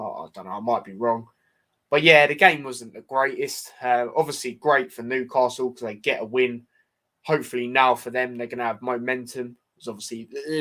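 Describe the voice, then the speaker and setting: A man's voice: medium pitch, fairly bright tone. A young man, hosting a casual football predictions chat, talking loosely with many fillers and asides. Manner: chatty, filler-heavy, says "do you know what I mean" often. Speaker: football podcast host.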